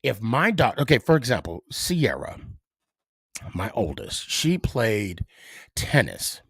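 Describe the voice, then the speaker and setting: A middle-aged man hosting a solo podcast, giving his views in a halting way, full of fillers and restarts. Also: medium pitch, sing-song, gravelly, fairly bright tone, slightly rough, dry recording, studio quality. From United States. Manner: hesitant, many fillers and restarts. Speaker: podcast host.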